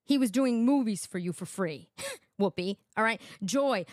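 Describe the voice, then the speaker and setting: A woman's voice: mid-range voice, animated, a little slow, dry recording, clean studio sound. A woman hosting a reaction commentary, talking sarcastically and laughing often as she mocks the clips. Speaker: commentary channel host.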